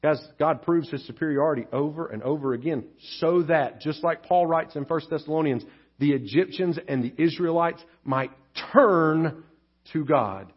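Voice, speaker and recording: A pastor preaches conversationally in a slightly rough, somewhat high voice at normal speed, peppering the sermon with rhetorical tags like "all right?" and "right?" The church audio sounds dull and lo-fi.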